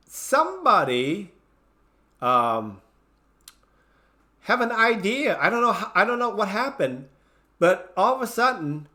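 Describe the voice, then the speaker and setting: A man recounts a chaotic party in a loose, animated storytelling manner, his voice rising and falling widely. He talks slowly in a bright, fairly high tone and breaks off often to restart or add fillers. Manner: animated, acts out his own panicked lines; many fillers and restarts, non-native grammar. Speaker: channel host telling a story. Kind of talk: casual storytelling.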